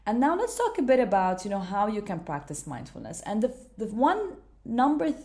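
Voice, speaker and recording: A woman speaking at an ordinary middle pitch, teaching mindfulness in a relaxed, conversational way. She talks gently and chats as she explains, dropping in "you know," "okay" and "right" along the way. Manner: gentle, chatty, many fillers and "okay", "right". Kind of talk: casual teaching monologue.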